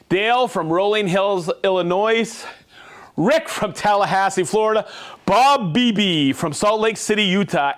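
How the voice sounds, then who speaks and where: Slow, high-voiced man host. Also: a bit bright. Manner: upbeat, jokey, rattling off names and places. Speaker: livestream host. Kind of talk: reading out viewer shout-outs.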